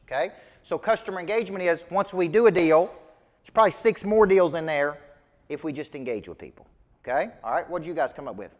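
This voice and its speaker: A man's voice: fairly high pitch, big-room sound. Emphatic Southern man coaching a live room. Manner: emphatic, folksy and preachy, asks the audience questions. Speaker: business coach. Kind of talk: live motivational training talk.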